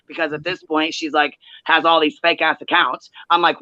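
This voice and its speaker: A woman hosting a livestream, telling a heated story in profane, animated detail and acting out quoted chats. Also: low voice, fairly quick, few pauses, no room sound. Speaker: livestream host. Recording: dull lo-fi livestream audio.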